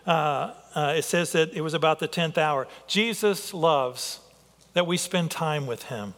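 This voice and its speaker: Preaching earnestly in an echoing hall, this male pastor has a high-sitting, pushed, bright voice. His sermon is full of filler and restarted sentences as he works through his thoughts aloud.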